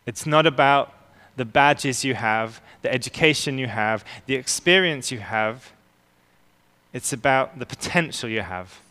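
A man preaching a sermon as pastor, earnest and emphatic, slowing down to stress key words. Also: medium pitch, bright, forceful tone. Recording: long reverb of a large hall.

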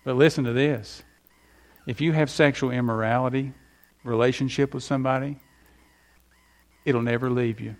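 A man's voice: medium pitch, steady tone, normal speed, pauses often. A middle-aged man preaching a sermon with emphatic delivery and folksy stories. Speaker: pastor.

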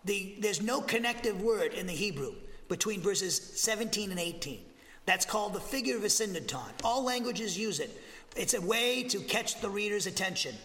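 A man with a Southern American accent delivers a Bible lesson from the pulpit, emphatic and prone to repeating himself mid-thought. His voice sits high and bright. It rings out through a large church with a long reverb. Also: lively intonation, moderate pace. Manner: emphatic, repeats and restarts phrases. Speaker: Bible teacher. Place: church sanctuary. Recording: echoey hall with long reverb.

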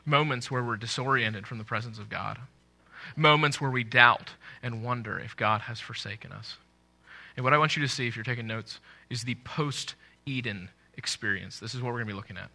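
A man preaching a sermon to a congregation, earnest, swelling loud on scripture quotes and dropping low at the ends of phrases. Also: fairly quick. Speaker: pastor.

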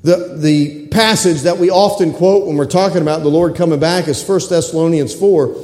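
A man preaching a sermon as pastor in a church, excitable and calling out for amens from the congregation. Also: on the high side, moderate pace. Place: church sanctuary. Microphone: stage microphones. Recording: echoey church hall.

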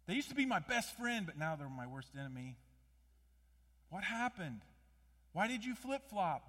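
A man preaches a sermon in a high, lively voice, throwing rhetorical questions at the crowd and rising to loud emphasis before dropping back down. His voice rings out with a long reverb in a church sanctuary. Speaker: pastor.

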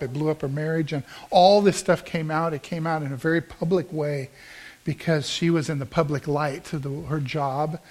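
Male pastor, middle-aged, high voice, conversational storytelling sermon. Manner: storytelling, conversational with emphatic rises.

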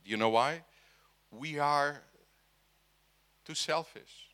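Slow, bright-voiced male preacher. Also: mid-range voice, lively intonation. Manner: asks the audience questions, emphatic. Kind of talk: sermon.

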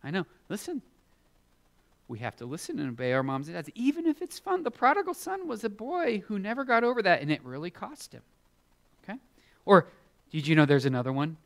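A man giving a children's sermon, animated and expressive, acting out Bible characters in playful voices. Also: mid-range voice. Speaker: children's preacher.

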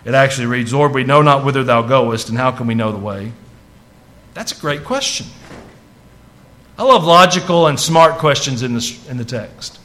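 A pastor preaches a sermon to his congregation, starting conversationally and building to fervent emphasis on scripture. His voice is medium in pitch and a bit bright, with lively intonation and a normal speed.

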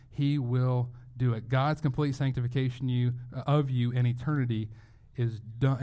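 A mid-pitched man preaches a sermon to his congregation. He speaks earnestly and leans hard on key phrases. He often stops and restarts his sentences as he goes. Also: darkish tone. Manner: earnest, emphatic, with frequent restarts. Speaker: pastor.

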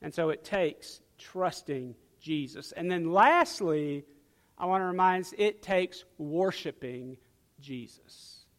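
A male pastor preaching a sermon, swinging from loud emphatic lines to hushed ones. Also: on the high side, animated, slow, long reverb tail.

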